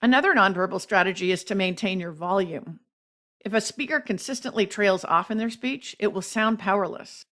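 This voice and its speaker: A woman podcast host reading a scripted explanation of speech tips in a measured, instructive way. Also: medium pitch, a bit bright.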